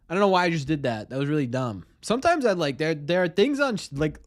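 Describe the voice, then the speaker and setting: A man's voice: a little high, big pitch swings, fast talker, few pauses. A young man hosting a casual live stream, chatting and greeting viewers by name.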